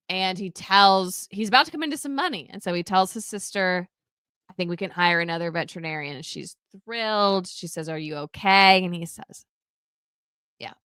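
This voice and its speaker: Animated woman recapping a movie, dry close mic. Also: on the low side, clear, resonant tone, dry recording. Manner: animated storytelling, acts out character quotes, frequent laughs and fillers. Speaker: podcast co-host. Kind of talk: casual movie recap chat.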